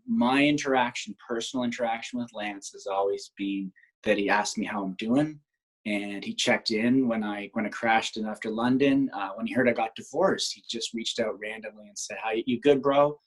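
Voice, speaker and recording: Husky-voiced man telling stories. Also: lowish voice, poor audio. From Canada. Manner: rambling, reflective storyteller with frequent restarts. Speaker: guest, former Olympic triathlete. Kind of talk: casual conversational interview.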